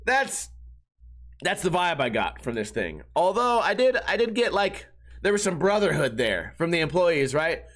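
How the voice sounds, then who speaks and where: Solo podcast host, male, voice a touch high, loose swearing storyteller who mimics the people he talks about. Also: sing-song, moderate pace, fairly bright tone. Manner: rambling, profane, acts out people he quotes. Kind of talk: casual solo storytelling monologue.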